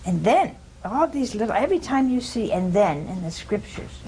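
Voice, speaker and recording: A religious teacher gives an informal sermon in a mid-range, darkish, very animated voice at normal speed, talking with her listeners rather than at them. She keeps asking them questions, chuckles often, and acts out quoted speech. The recording is low quality, with a light hiss behind her.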